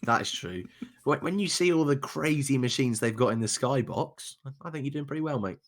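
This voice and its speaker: A man's voice: medium pitch, expressive, a little fast. A man co-hosting a casual live stream, teasing and encouraging his friend with plenty of laughter. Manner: teasing, supportive, laughs a lot. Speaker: co-host.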